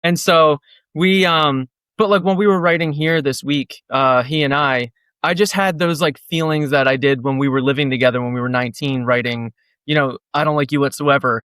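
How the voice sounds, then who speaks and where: A man's voice: on the high side, normal speed, fairly bright tone, clean tone, no room sound. A man in his thirties from New Jersey, a guest musician chatting casually in an interview, rambling with lots of "like" and acting out quotes. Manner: rambling, heavy "like" fillers, acts out quotes.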